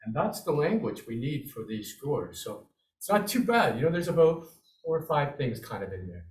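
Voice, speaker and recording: An upbeat man teaches snare drumming over a video call, encouraging and vocalizing the rhythms aloud. His mid-pitched voice sounds roomy and a little distant from the mic. Faint drumming sits behind him. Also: sing-song, moderate pace, darkish tone, slight background noise. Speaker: drumming instructor. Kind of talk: online drum lesson.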